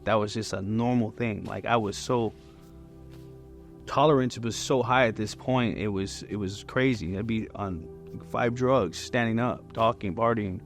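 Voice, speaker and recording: A man's voice: fairly low pitch, unhurried, soft background music. A man in his forties giving a candid, conversational personal testimony at church. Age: 40s. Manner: candid and conversational, many fillers.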